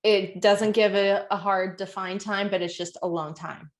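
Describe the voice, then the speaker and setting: Casting: woman, podcast co-host, playful quizzing tone, relaxed chat. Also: medium pitch, normal speed. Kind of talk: casual chat.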